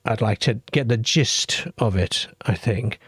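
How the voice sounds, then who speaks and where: A man's voice: lowish voice, a little slow, fairly bright tone, breathy edge, no echo, clean studio sound. A man from the UK hosting a late-night call-in radio show, chatty and reading listener comments aloud. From United Kingdom.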